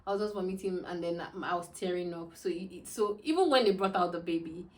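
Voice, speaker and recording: A woman's voice: lowish voice, fast talker, darkish tone. A young woman telling a personal story to camera in a casual, chatty way, full of fillers and restarts. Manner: chatty, many fillers and restarts, laughs often. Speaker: vlogger.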